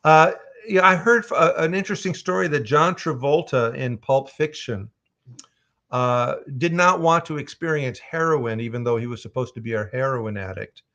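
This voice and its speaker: A man with a gravelly, fry-edged voice chats casually as he reads fan questions off a live stream. He tells stories with frequent chuckles at an everyday pitch. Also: normal speed, bright, forceful tone. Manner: chuckly, storytelling, reads chat aloud. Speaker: voice actor at a live signing.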